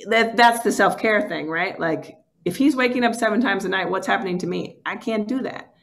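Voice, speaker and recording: A woman's voice: medium pitch, normal speed, hardly any pauses, fairly bright tone. An earnest woman guest recounts personal stories in a candid, conversational way. Her talk is loose and full of "like" fillers. The sound comes from a video call. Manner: earnest, emotional, many "like" fillers. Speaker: documentary filmmaker guest.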